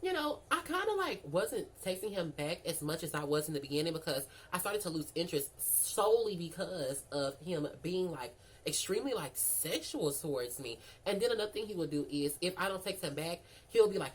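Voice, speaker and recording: A young adult woman, casually telling a story and acting out both sides of the conversations with animated, profane flair. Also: fairly low pitch, brisk, a little hiss or hum, low-quality recording.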